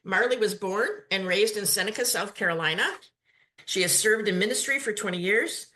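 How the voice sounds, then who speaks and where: A woman's voice: medium pitch, normal speed, sharp tone. A woman hosting a webinar, welcoming the audience and giving a formal introduction of the guest speaker. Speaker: webinar host.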